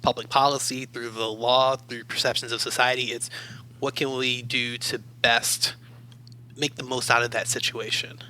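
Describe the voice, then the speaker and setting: A man from Baltimore speaks as an interview guest in a calm, measured way. His tone is strikingly bright and sharp-edged, at a middle pitch. He tells his stories thoughtfully and steadily. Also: low-quality recording. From Baltimore, USA. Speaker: guest, academic adviser. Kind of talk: reflective interview storytelling.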